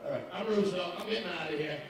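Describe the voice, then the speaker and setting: A high-pitched, fast-talking man from Massachusetts performs profane stand-up at a breakfast event, doing crowd work and teasing the audience. The distant mic picks him up in an echoey hall amid crowd noise.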